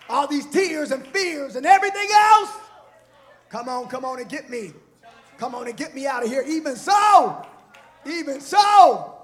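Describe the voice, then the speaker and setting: A man preaching a sermon, shouting and chanting repeated phrases in a live church service. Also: very high-pitched. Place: church sanctuary. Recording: live church with music and congregation. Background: organ music and responding crowd.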